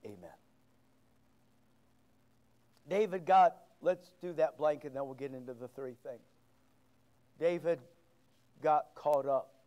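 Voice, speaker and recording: A man's voice: mid-range voice, dark tone. A middle-aged man pastor preaching a sermon, quoting scripture with big swings of emphasis.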